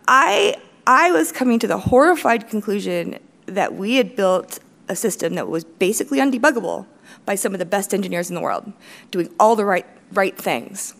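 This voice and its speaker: A woman with a high, lively voice gives a live talk on a conference stage. She speaks bluntly, swears freely and jumps into self-mocking asides, her pitch swinging widely as she makes her points. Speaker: conference speaker, company CEO. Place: large conference hall stage.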